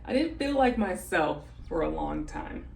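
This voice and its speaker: A woman's voice: fairly low pitch, very animated, a little slow, vocal fry, slight background noise, poor audio. A young woman vlogging about a hard stretch of her life, crying and laughing through tears as she talks openly. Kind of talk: emotional personal vlog.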